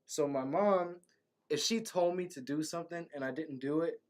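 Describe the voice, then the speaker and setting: A young man co-hosting a college radio show, relaxed and supportive in casual chat. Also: a little high, moderate pace. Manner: relaxed, supportive listener, easygoing. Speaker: co-host.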